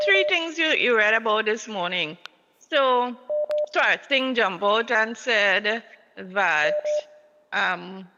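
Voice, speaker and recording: A woman's voice: mid-range voice, pushed and bright. A Trinidadian woman calling a morning show, talking with food in her mouth and sounding fed up. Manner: eating breakfast while talking, exasperated. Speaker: caller. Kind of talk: phone-in complaint. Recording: dull phone line with reverb.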